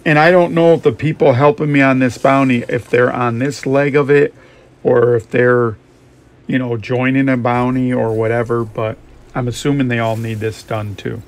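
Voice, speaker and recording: A man's voice: mid-range voice, steady tone, normal speed. A man giving rambling, reflective commentary while playing a game, thinking aloud as he goes. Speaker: gaming YouTuber. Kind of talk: casual musing commentary over gameplay.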